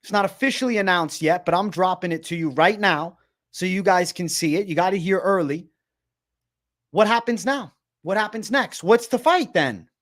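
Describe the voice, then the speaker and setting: Excited high-voiced young man livestreaming. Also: moderate pace. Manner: excited, repetitive, swearing, addresses viewers as bro. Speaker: livestream host. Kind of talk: livestream commentary.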